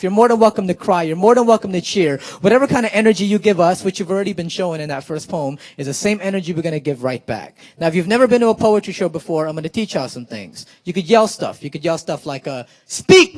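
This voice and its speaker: High-voiced young man hyping a crowd. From South Florida. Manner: animated, hyping the crowd, many "like" fillers. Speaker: spoken word poet. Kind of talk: live spoken word show with crowd banter.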